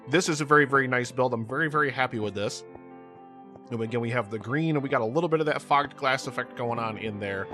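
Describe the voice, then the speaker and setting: A man's voice: medium pitch, fast talker, pushed and bright, soft background music. A man hosting his gaming channel, giving casual, rambling gameplay commentary with repeated words and many fillers.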